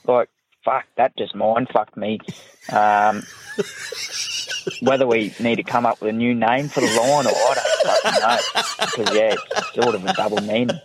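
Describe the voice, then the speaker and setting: A man's voice: mid-range voice, sing-song, measured pace, pauses often, breathy edge, no room sound, rough recording. A man calling in to a show, musing casually and swearing freely. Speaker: caller.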